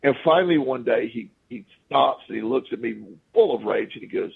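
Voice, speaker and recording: Gravelly and a little fast, the medium-pitched male voice barely pauses and sounds slightly rough through a phone-quality line. As a podcast guest he spins casual anecdotes, acting out people's words with animation.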